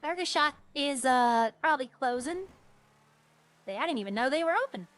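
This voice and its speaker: A woman's voice: high-pitched, animated, moderate pace, a bit bright, no room sound. A woman streaming a game, chatting casually with viewers and thinking aloud in a rambling way. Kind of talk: casual gameplay chat to viewers.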